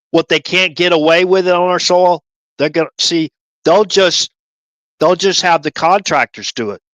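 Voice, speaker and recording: A man's voice: fairly high pitch, a bit bright, dry recording. Rambling conspiratorial male streamer. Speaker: livestream host. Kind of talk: rambling livestream commentary.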